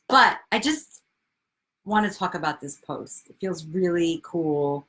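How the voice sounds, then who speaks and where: A woman in her forties hosting a casual live video chat, bubbly and excitable, swearing freely and greeting viewers by name. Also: lowish voice, slow pace. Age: 40s. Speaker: livestream host, coach.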